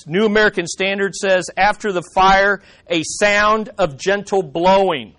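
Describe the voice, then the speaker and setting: High-voiced man teaching a Bible lesson. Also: fairly even intonation, measured pace, few pauses, fairly bright tone. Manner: conversational, dry asides, frequent restarts.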